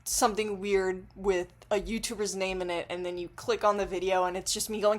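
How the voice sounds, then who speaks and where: A woman's voice: mid-range voice, little pitch movement, fairly quick, few pauses. A woman rambles to the camera in a loose, casual vlog monologue while intoxicated. She giggles and swears freely as she wanders from one thought to the next. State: under the influence. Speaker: vlogger.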